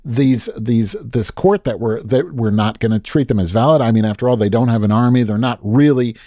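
A man's voice: mid-range voice, brisk, dark tone, no room sound. Man ranting, dry close sound. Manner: heated, profane political rant. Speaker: podcast co-host. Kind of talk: casual podcast chat.

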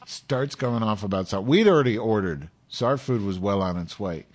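Husky man telling a lively story. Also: fairly low pitch, fairly quick. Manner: animated storyteller, acts out other people's voices. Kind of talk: casual chat.

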